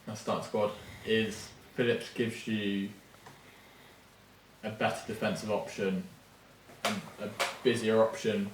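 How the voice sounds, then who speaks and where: A man's voice: on the low side, level tone, unhurried. Distant English man in a roomy space. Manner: hesitant, restarts, builds arguments. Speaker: podcast co-host. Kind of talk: casual chat. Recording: roomy, distant from mic, faint noise.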